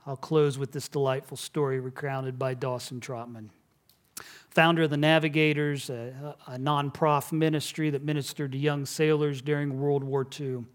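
A male pastor giving a sermon in an earnest, measured way, dropping to a hush at solemn moments. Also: medium pitch, little pitch movement.

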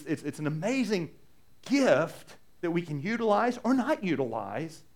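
A middle-aged male pastor preaching a sermon, telling a story in a conversational way and acting out the quoted lines. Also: a little high.

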